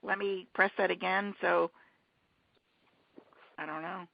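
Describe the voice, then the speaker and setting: A woman hosting a teleconference casually, talking haltingly with many restarts and fillers over a muffled conference-call line. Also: fairly low pitch, steady tone, vocal fry, dry recording.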